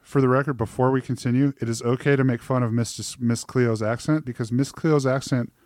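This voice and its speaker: A man's voice: medium pitch, steady tone, brisk, darkish tone. A man co-hosting a casual film podcast, riffing on jokes with lots of "like" and "um". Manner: jokey, riffing, heavy on fillers like "like" and "um". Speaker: podcast co-host. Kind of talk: casual movie review chat.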